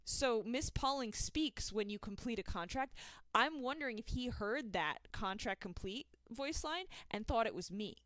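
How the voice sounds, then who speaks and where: A woman's voice: fairly high pitch, animated, normal speed, fairly bright tone, no echo. A young woman in her twenties telling a storytime tale with a sarcastic, incredulous manner. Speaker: storytime YouTuber. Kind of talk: storytime commentary.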